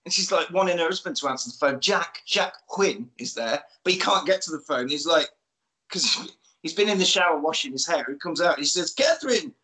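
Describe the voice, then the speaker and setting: Male podcast host, bright and lively, comic storyteller type. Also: fairly high pitch, fairly quick, rough recording. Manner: playful storyteller, acts out film lines in put-on voices. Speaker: podcast host recapping a film. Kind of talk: casual comedic film recap.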